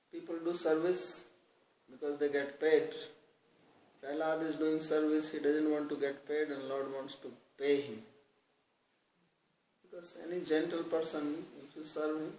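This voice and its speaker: A man with a slightly high voice gives a devotional scripture class, explaining each verse through homely examples and chanting the lines slowly. He is heard from some distance in a roomy hall, with a faint hum of ambience behind him. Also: steady tone, darkish tone. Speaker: lecturer on scripture.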